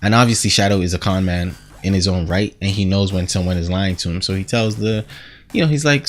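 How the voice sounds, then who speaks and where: A man giving a casual, animated TV episode recap, rambling and acting out quotes as he goes. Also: low-pitched, a little fast. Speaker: show reviewer.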